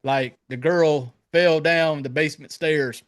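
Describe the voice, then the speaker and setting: A man hosts a podcast, his voice a little high and his pace unhurried. He chats casually and swears freely, telling stories in a profane, animated way and acting out the quoted lines himself.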